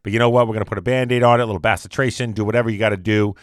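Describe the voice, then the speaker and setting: A man voicing an exasperated parent who lectures a child, in a plain, lower voice. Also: steady tone, racing, no echo, studio quality, natural voice. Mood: scolding. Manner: lecturing, scolding.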